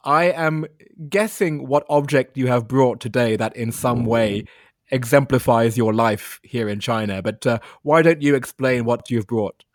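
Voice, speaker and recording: A man hosting a podcast interview, asking questions in a warm, polite way. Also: mid-range voice, measured pace, dry recording, studio quality. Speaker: podcast host.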